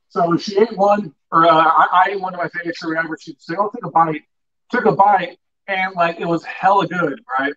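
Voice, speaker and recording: A young man co-hosting a livestream tells a crude story full of swearing, using a high, pushed, bright voice that stays steady and moves a little fast. This casual storytelling comes through with a distant, muffled lo-fi sound.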